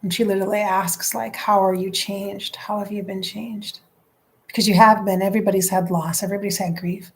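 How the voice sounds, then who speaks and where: A woman's voice: mid-range voice, little pitch movement, a little fast. A woman psychic medium on a live stream, relaying messages emotionally and dropping into whispered asides. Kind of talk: live-stream channeling session.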